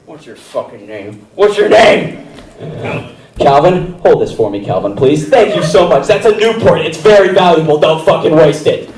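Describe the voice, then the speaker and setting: A man acting out a manic, swearing schoolteacher on meth who shouts and rants in a frantic rush. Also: a little high, far from the mic, natural voice. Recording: roomy theater sound from afar.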